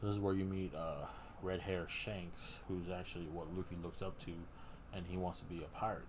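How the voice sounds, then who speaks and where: A man's voice: low-pitched, steady tone, normal speed. A man hosting a casual live stream, rambling through a story recap with many fillers and restarts. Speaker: streamer host. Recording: background noise.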